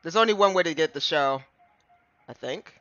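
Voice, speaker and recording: A man's voice: a little high, animated, moderate pace, fairly bright tone, no room sound, highs cut off. A man streaming a game live, chatting casually and rambling to his chat between fits of giggles.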